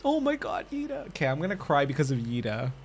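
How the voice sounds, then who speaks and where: A man's voice: a little high, huge pitch swings, fast, a little hiss or hum. A man live-streaming a video game, reacting with emotional, rambling and swearing talk while joking with his chat.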